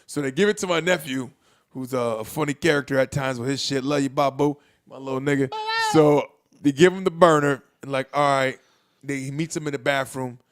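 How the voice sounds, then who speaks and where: A man's voice: medium pitch, brisk. A young man cohosting a podcast, telling a long profane story with laughter and acted-out quotes. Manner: animated, profane, laughs through his story; swings loud and soft acting out quotes. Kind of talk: casual storytelling chat.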